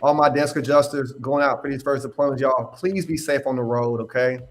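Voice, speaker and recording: A young man hosting a casual livestream Q&A as a mentor. He talks in an animated, slangy way, laughs often and repeats his phrases. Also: mid-range voice, a little fast. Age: young adult. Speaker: independent adjuster mentor hosting a live Q&A.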